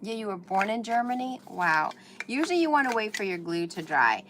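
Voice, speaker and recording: A woman's voice: medium pitch, sing-song, fairly quick, background noise. A woman hosting a craft livestream, chatting with viewers while she works with paper and glue at her table. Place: indoors at a craft table under bright lights.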